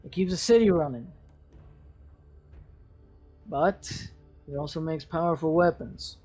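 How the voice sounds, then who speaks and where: A hulking dwarf forge master voiced by a man who talks terms in a calm, measured way. Slow and a little husky, with a faint bed of music underneath. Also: fairly high pitch. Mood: dealmaking.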